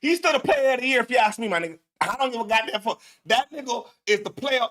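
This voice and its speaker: Male host, very high bright voice, laughing and swearing through reaction commentary. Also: expressive, fast. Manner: laughing, profane, emphatic repetition. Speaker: show host.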